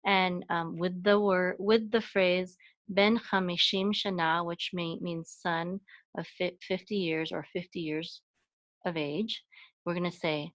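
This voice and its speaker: Slow, patient woman teaching Hebrew. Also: fairly low pitch, steady tone, highs cut off. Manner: patient, explaining letter by letter, chanting phrases in a sung voice. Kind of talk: slow step-by-step language lesson.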